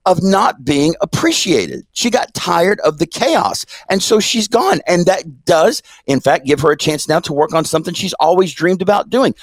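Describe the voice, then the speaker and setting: A middle-aged man co-hosting a casual discussion podcast, talking in an animated, emphatic way. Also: a little high, moderate pace, few pauses, dry recording. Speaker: podcast co-host.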